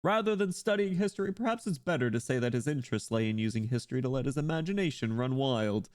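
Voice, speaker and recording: A man's voice: medium pitch, animated, fast, a little mellow, close to an everyday voice. A man reading aloud as a learned, wistful pope who speaks formally. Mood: reflective. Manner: formal, reflective storytelling.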